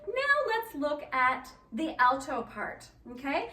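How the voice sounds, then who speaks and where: A woman directs a children's choir rehearsal, counting the singers in with upbeat encouragement. Her high-pitched voice is very animated yet slow, with a pushed, bright quality. The room is echoey, the mic sits at a distance, and a keyboard can be heard.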